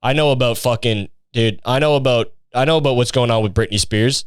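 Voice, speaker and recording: A man's voice: mid-range voice, fairly quick, clean tone, no echo, clean studio sound. A young man hosting a podcast, ranting sarcastically in a rambling, profane comedic style. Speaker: podcast host.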